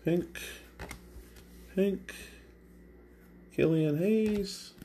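A man's voice: sits high, drawn-out words, dark tone, a little hiss or hum. A man hosting a card break, calling out card names one at a time as he opens packs. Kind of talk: live card-break commentary. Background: crinkling and tearing of packs.

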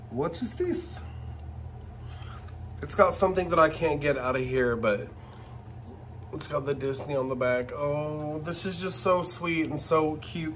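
A man hosting a casual unboxing vlog, his voice sitting a little high for a man. He drawls slowly and gushes with excitement, talking straight to his viewers. A faint hiss runs underneath. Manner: gushing and excitable, talks to viewers directly. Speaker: channel host.

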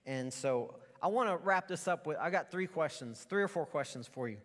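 A man's voice: fairly high pitch, expressive, moderate pace, fairly bright tone. A middle-aged male pastor preaching a casual, conversational sermon full of asides and restarts. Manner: informal, rambling asides and restarts. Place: church sanctuary. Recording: long church reverb.

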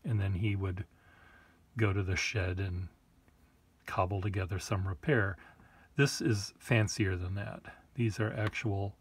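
A man's voice: low-pitched, fairly even intonation, a little slow, pauses often, husky. A man casually showing his collection of old pens, rambling with joking asides. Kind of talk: casual show-and-tell.

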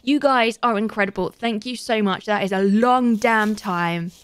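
A woman's voice: medium pitch, moderate pace, clear, resonant tone. A young woman giving chatty, giggly live commentary as she plays a game and thanks her viewers. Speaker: live streamer.

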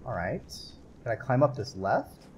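A man streams a video game at a moderate pace in a mid-range voice, with slight background noise in the clip. Excitable, he talks to himself and his viewers in casual gameplay commentary, swearing and yelping at what happens on screen.

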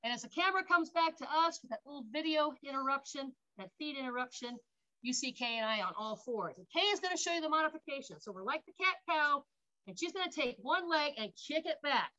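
A woman's voice: high voice, animated, fast talker, pushed and bright, lo-fi sound. A woman park guide leading an outdoor workout, upbeat, counting reps aloud and cheering, a little out of breath. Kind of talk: instructional exercise demonstration.

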